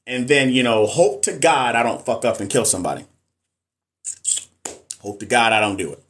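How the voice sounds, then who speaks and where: A man's voice: mid-range voice, expressive, moderate pace, a bit bright. A middle-aged man, a nurse and NCLEX coach, chatting casually on a live stream and answering viewer comments in a frank, emphatic way.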